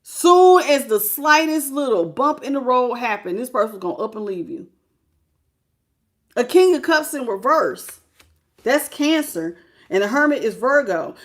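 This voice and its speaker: A woman with a high, light voice gives a casual tarot reading straight to her viewers. She talks bluntly and colloquially and drifts into stories, calling her audience "y'all". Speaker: tarot reader.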